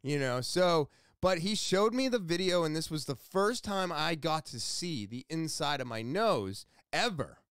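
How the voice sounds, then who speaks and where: A podcast host, a man, telling a story in a casual monologue, excitable and loud, rambling with restarts and asides. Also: on the high side, unhurried, clear, resonant tone, dry recording, clean studio sound. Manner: excitable, loud, almost yelling.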